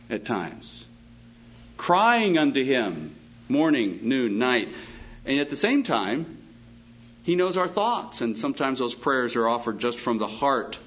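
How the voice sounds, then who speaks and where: A pastor with a medium-pitched, fairly bright voice delivers a Bible teaching sermon, reading scripture slowly and pausing for emphatic asides. The recording sounds muffled.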